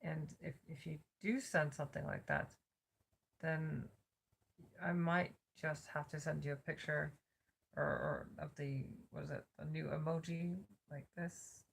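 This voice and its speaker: An exhausted woman vlogging from her cot on a phone camera, her worn-out voice a little slurred as she rambles with many pauses. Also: sits low, steady tone, vocal fry, slightly rough. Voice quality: slightly slurred. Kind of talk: casual check-in vlog. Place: lying on a cot at home.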